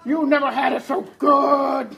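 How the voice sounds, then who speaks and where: A performer voicing Pac-Man as a frantic, hot-headed husband, talking in shrill bursts and laughing through his lines. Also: little pitch movement, unhurried, gravelly, a bit bright, full character voice. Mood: indignant. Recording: audience laughter and noise behind.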